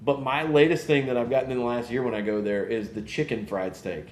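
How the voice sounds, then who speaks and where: A man's voice: mid-range voice, a little fast, a little hiss or hum. Rambling chatty man in an echoey room. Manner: rambling, animated, swears casually. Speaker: podcast host. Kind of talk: casual live-stream chat.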